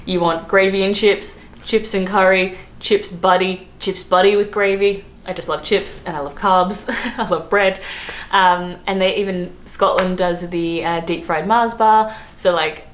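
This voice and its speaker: A hungover Australian woman chatting casually to camera as a travel vlogger, full of fillers and quick laughs. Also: medium pitch, steady tone. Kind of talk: casual vlog chat. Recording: roomy echo, faint background noise.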